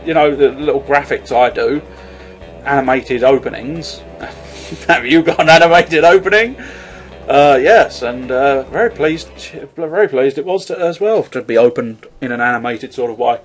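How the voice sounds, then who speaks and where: A man giving casual video game commentary, rambling with jokey asides and the occasional loud outburst. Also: a little high, animated, unhurried, soft background music. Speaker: let's play host.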